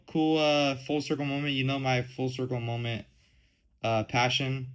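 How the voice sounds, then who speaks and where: A man's voice: mid-range voice, little pitch movement, normal speed, smooth, poor audio. A man in his twenties hosting a casual solo podcast, rambling with lots of "like" and "um". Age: 20s. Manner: rambling, heavy use of "like" and "um". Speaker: podcast host.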